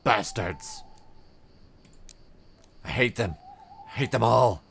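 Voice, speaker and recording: A man voicing a drugged, desperate sea captain who speaks in halting, broken bursts of rage. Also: on the low side, creaky, sharp tone, husky, pitched above the performer's own voice, exaggerated voice. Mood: furious. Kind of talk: game character voicing.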